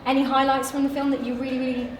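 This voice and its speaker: Woman red-carpet interviewer, upbeat and very fast; distant mic, roomy echo. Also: high voice, level tone. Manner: upbeat, agreeing often. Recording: echoey and far from mic, noisy crowd ambience.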